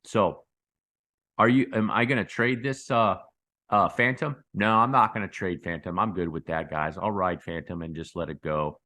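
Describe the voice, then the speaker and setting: A man hosting a casual chart commentary, rambling and repeating himself, calling his viewers guys and breaking into excited bursts. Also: deep voice, moderate pace. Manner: excitable bursts with sound effects. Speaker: crypto channel host.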